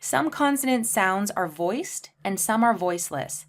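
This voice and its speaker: A woman hosting her own English lesson channel, walking through pronunciation rules at a slow, unhurried pace. She says each example word on its own and repeats it with careful, deliberate enunciation. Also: mid-range voice, animated. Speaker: English teacher.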